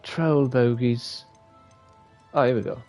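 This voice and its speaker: Rambling, profane gamer. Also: male voice, medium pitch, fairly even intonation, slow, darkish tone, faint music behind. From Wales. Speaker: streamer. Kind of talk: live gameplay commentary.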